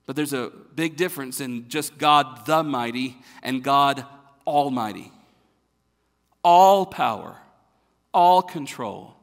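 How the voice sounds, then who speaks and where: A man's voice: medium pitch, vocal fry. Emphatic man preaching in a reverberant hall. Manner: emphatic, repeats phrases with sharp swings in loudness. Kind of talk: sermon.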